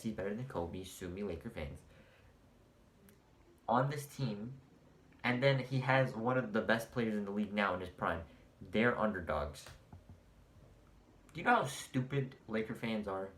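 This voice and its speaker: A man's voice: on the low side, fairly bright tone, echoey room. A man ranting in a heated, sarcastic and profane sports vlog, mocking fans of a basketball team. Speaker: sports commentator.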